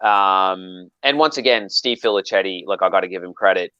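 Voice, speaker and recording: Rambling low-voiced man, lo-fi. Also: moderate pace, smooth, no room sound. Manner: rambling with many restarts, animated quoting. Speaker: knifemaker guest. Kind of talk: casual storytelling chat.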